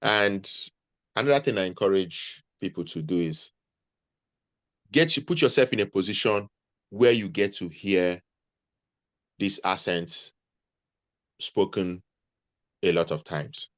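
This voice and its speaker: A man's voice: low-pitched, measured pace, long pauses, no echo, muffled recording. A man, speaking as an interview guest, earnestly giving advice and often restarting his sentences. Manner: earnest, advising, repeats himself mid-sentence. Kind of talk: conversational interview.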